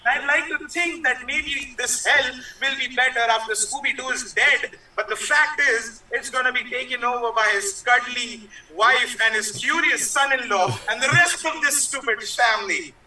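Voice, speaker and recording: A man's voice: very high voice, normal speed, few pauses, sharp tone, full character voice. A man improvising a bitter male wrestling boss who rants scornfully as he leaves, over a video call. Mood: bitter ranting. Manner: scornful, insulting rant. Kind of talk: improvised comedy character promo. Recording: echoey room, distant from mic.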